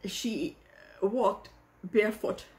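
A woman hosting a reaction video, talking in an emotional, halting way and searching for words. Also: mid-range voice. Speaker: host reacting to a hymn. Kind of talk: casual reaction vlog.

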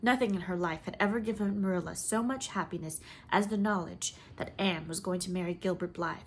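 A woman reading a classic novel aloud, with an expressive, lilting delivery and swelling emphasis. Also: mid-range voice, slight background noise. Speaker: audiobook reader.

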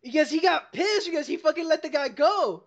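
A woman's voice: sits high, animated, brisk. A young woman hosting a podcast, telling a story in a rambling, profane way and laughing along. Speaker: podcast host. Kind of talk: casual storytelling over a call. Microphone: computer call mic. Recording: dull lo-fi call audio.

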